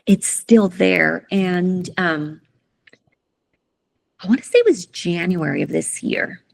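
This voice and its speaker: A middle-aged woman telling a personal story in an interview, soft-spoken, halting and emotional. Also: on the low side, creaky. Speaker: guest, coach.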